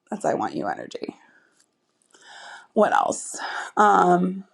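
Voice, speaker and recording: A woman's voice: fairly low pitch, huge pitch swings, slow pace, vocal fry, pauses often, slightly rough. A woman hosting a solo podcast as a dating coach, chatty and upbeat, with many asides and fillers.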